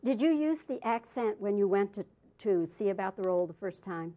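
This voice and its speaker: A woman's voice: mid-range voice, animated, brisk, warm tone. A woman interviewer putting direct, conversational questions to a guest.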